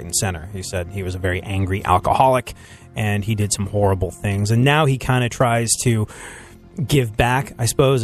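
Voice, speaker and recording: Sarcastic man riffing on the radio. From England and America, mainly England. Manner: sarcastic, riffing, swings between playful highs and dry low asides. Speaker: radio show host. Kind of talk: casual comedic talk-radio banter.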